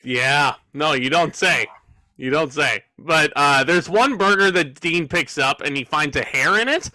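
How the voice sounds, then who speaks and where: A high-voiced man co-hosting a podcast, emphatic and quick to laugh. His bright, sharp tone sounds dry and close, with no room echo. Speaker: podcast co-host. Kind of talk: casual chat.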